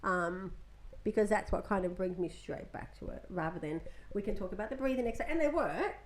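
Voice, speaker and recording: A woman's voice: medium pitch, expressive, fairly quick. A woman in her thirties, co-hosting a podcast in casual chat. She speaks candidly, swears freely, and acts out her own past conversations, recorded indoors at home. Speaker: podcast co-host.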